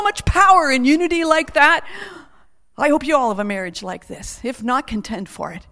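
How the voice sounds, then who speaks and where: A middle-aged woman preacher telling a testimony with lively laughter, then leading a hushed prayer. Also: high-pitched, fairly quick. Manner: animated storytelling with laughter, sliding into hushed prayer.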